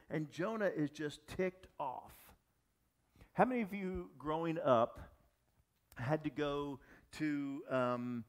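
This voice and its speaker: A male pastor delivering a sermon, his voice sitting a little above the usual for a man. He preaches in an animated way, often restarting phrases and turning to the audience with quick asides. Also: fairly high pitch. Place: church or gathering space for young adults.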